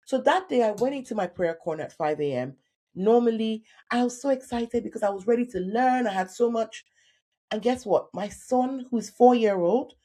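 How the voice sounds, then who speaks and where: Warm-voiced woman telling a story. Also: on the high side. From Nigeria. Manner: animated storyteller, acting out quoted voices. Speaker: guest career coach. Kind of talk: personal storytelling in a podcast interview.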